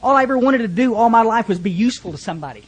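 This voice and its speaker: A man's voice: very high voice, expressive, rapid-fire, breathy edge. A middle-aged man with a Texan accent, sharing his recovery story at a fellowship meeting in a folksy, joking way. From Texas, USA. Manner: folksy, joking, lots of restarts.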